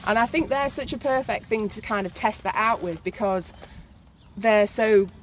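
A woman's voice: mid-range voice, normal speed. Woman, riding instructor, encouraging, outdoors, faint hiss. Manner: encouraging, calm. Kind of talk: casual outdoor coaching chat. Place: outdoors at a stable.

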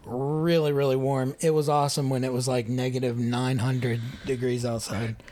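A man's voice: mid-range voice, flat delivery, normal speed, darkish tone, slight background noise. A young man hosting a casual podcast chat, joking, laughing often and swearing casually. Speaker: podcast host.

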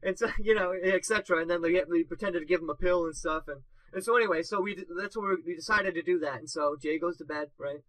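A man's voice: high voice, quick pace, hardly any pauses, fairly bright tone, no echo, rough recording. A young man in his twenties co-hosting a casual podcast, telling rambling stories full of fillers and laughing at his own punchlines. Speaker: podcast co-host. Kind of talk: casual storytelling.

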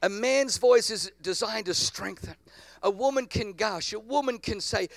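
A man's voice: high voice, normal speed, vocal fry, a bit bright, no echo. A man preaching a sermon to a congregation, calling out for responses from the crowd. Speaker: pastor.

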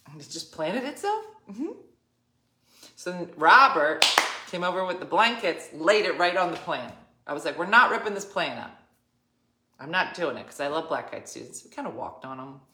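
Middle-aged female host, chatty, lower voice, recorded in an echoey room. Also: normal speed. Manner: animated, laughs often, acts out quoted people. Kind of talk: casual storytelling chat. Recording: roomy echo.

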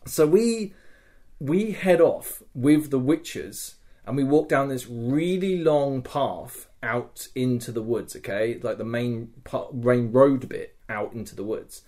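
A podcast co-host tells a story in casual chat, excitable and profane, swearing a lot and packing in fillers. His voice is medium-pitched and he takes it slowly.

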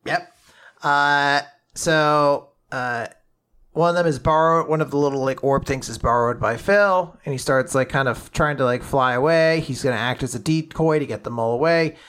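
A man casually recapping a manga chapter as a podcast co-host, excitedly acting out characters' lines and swearing casually. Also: a little high, normal speed, smooth.

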